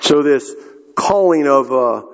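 A man's voice: mid-range voice, lively intonation, takes it slowly. A man preaching a sermon, telling a story earnestly and speaking directly to the congregation. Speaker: pastor. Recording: echoey hall, dull lo-fi sound.

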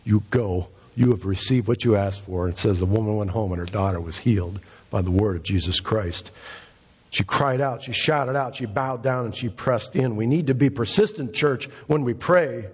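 A middle-aged man preaching a fervent sermon, his voice climbing to high, emphatic peaks. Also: moderate pace, husky, muffled recording. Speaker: pastor.

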